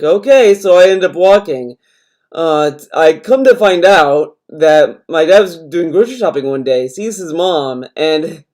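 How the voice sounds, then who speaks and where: A man's voice: high-pitched, darkish tone. A young adult man streamer ranting in casual chat, swearing often and rambling as he talks. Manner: profane, rambling rant.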